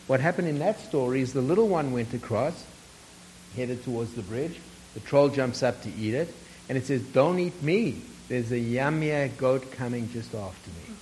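A man's voice: medium pitch, dark tone, a little hiss or hum, rough recording. A man leading a workshop, telling a story to the group, asking them questions and chuckling often. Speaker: workshop facilitator.

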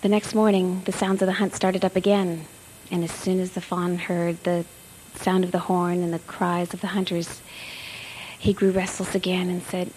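A woman reading a fairy tale aloud in a gentle storybook manner, with small slips and restarts. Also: lowish voice, little pitch movement, normal speed, slight background noise, low-quality recording.

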